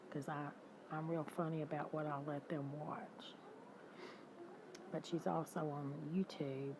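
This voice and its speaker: An older woman chatting casually with her livestream viewers, animated, greeting them by name and laughing often. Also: low-pitched, noisy background. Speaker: livestream host. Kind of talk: casual chat with live viewers.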